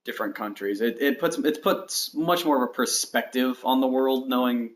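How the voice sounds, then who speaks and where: A man's voice: medium pitch, moderate pace, a little hiss or hum, rough recording. A man streaming a game build, chatting to viewers in a rambling, self-deprecating way while he counts blocks aloud. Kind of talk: casual livestream chat while building in a game. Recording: steady mouse and keyboard clicks behind.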